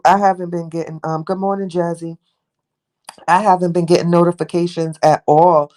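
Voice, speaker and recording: A young woman hosts a casual livestream, rambling affectionately with her viewers and addressing chat members by name. Her lowish, darkish voice has little pitch movement and runs at normal speed.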